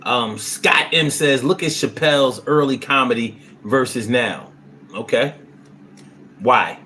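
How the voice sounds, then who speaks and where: A man's voice: mid-range voice, slow pace, a little hiss or hum. A man hosting a live stream, reading viewers' comments aloud and answering them bluntly with lots of cursing. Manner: blunt, profane, swings into loud animated bursts. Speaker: livestream host reading chat. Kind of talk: casual live-stream chat.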